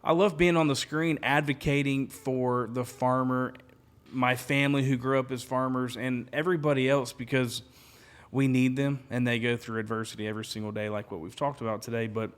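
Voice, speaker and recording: Earnest Southern podcast host. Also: male voice, medium pitch, level tone, brisk, smooth. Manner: earnest, grateful, with frequent brief agreements. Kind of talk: casual interview chat.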